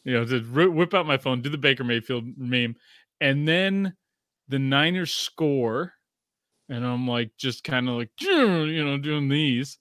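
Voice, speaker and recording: Man, podcast host, bright tone, dry close mic, restarts a lot, casual. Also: medium pitch, lively intonation, measured pace, no echo. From Australia. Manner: rambling, self-interrupting, laughs often.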